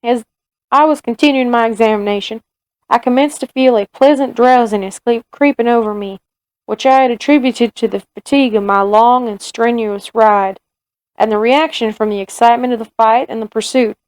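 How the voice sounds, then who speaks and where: A grave male frontier soldier with a Southern US drawl, as a woman reads him aloud, telling his tale in steady, measured storybook narration. The voice sits a little high for a man and sounds close and dry, with no room around it. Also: dry recording, natural voice, rough recording. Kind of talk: reading a novel aloud.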